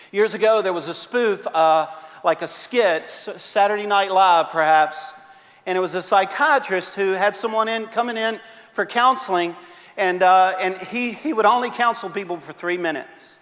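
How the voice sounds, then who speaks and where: A middle-aged man preaching a sermon as pastor, telling animated stories with frequent uh fillers and repeats. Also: high-pitched, normal speed. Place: church sanctuary. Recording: long reverb of a large church hall.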